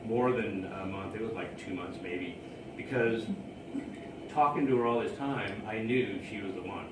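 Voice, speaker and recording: Man, casual storyteller, laughs a lot, mid-pitched, set back from the mic in an echoey space with steady background noise. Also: moderate pace. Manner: rambling, laughs often at his own story. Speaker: storyteller recounting his own romance. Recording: roomy, distant mic, ambient noise.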